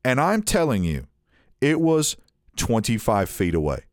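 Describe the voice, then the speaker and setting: A man co-hosting a podcast, telling a rambling, animated anecdote in casual chat and imitating the people in it. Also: mid-range voice, unhurried, no room sound, studio quality. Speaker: podcast co-host.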